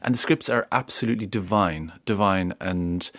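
Gravelly, low-voiced Irish man. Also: normal speed, no room sound, studio quality. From Ireland. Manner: relaxed, self-deprecating, laughs often. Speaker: guest, screenwriter and actor. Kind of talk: radio interview chat. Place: radio studio. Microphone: studio microphone.

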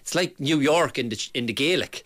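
A man's voice: medium pitch, normal speed, a bit bright. A man giving blunt football opinion on a radio show, restarting often. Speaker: football pundit.

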